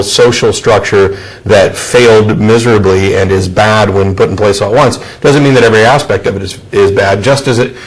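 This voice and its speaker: A man hosting a studio discussion show, speaking in a measured, thoughtful way with frequent fillers. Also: on the low side, low-quality recording. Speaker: show host.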